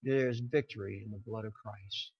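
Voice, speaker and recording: A man preaching a sermon with passion, swelling to loud emphatic peaks and dropping low, sometimes stumbling over words. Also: steady tone, normal speed, vocal fry, muffled recording.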